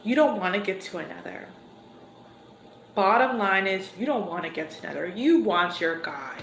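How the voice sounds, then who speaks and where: Woman, tarot reader on a livestream, slow and chatty; roomy, noisy recording. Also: medium pitch, lively intonation, gravelly, fairly bright tone. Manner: unhurried, conversational, chuckles between cards. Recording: echoey room with background noise.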